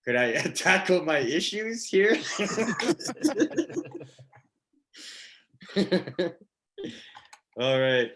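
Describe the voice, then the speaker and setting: A man's voice: high voice, very animated, extremely slow, pauses often, a bit bright. A man doing a stand-up comedy set, rambling with lots of fillers and laughing at his own jokes. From Canada.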